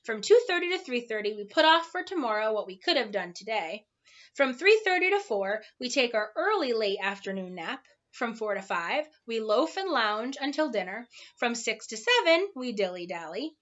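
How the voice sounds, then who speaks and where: A woman's voice: a little high, sing-song, normal speed, a bit bright, dull audio. A woman voicing a crowd of lazy, drowsy townsfolk, reciting their idle schedule in a droning sing-song.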